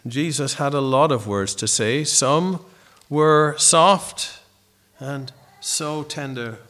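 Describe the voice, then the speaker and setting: Bright-voiced earnest middle-aged preacher. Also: male voice, a little high. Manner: earnest and reflective, with pauses and restarts. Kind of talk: sermon.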